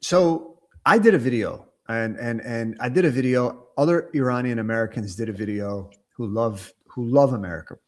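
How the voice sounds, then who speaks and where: Rambling, excitable male host. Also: medium pitch, moderate pace, hardly any pauses. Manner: rambling, full of restarts and fillers, excitable. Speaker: podcast host. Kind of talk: casual interview chat. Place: Germany.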